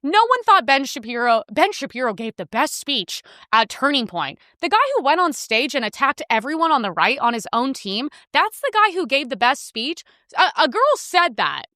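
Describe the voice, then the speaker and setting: A woman hosting a podcast, ranting in heated, fast commentary and clipping her swear words short, with a sore throat. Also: sits high, big pitch swings, bright, forceful tone, no room sound, studio quality. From United States. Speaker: podcast host.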